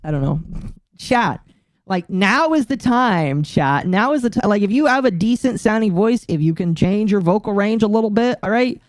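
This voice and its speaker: This streamer's casual broadcast is a lively, profane rant with frequent laughs, delivered in a medium-pitched voice at a moderate pace. Sound is dry with studio quality.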